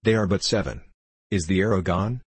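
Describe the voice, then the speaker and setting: A man's voice: sits low, a little fast, slightly rough, no echo. A man reading the part of a breathless, grumbling outlaw messenger. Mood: hurried. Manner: panting and grumbling.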